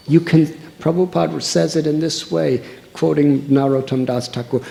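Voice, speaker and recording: A man's voice: a little high, steady tone, creaky, warm tone. A man, giving a sermon as a monk in an earnest, storytelling way. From United States. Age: 60s. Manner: slow, earnest storytelling with long pauses. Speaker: monk giving a religious discourse.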